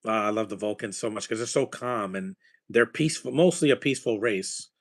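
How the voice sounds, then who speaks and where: A man's voice: fairly low pitch, fairly quick. A man chatting casually while watching a movie, rambling with enthusiasm about films and their scores. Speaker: movie watcher giving reactions.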